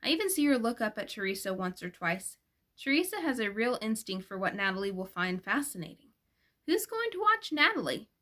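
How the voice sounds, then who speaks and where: A woman reads a first-person novel aloud at an even middle pitch. She sounds gentle and expressive, and she changes her voice for each character in the dialogue. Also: a little fast. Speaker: audiobook reader. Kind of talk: first-person audiobook narration.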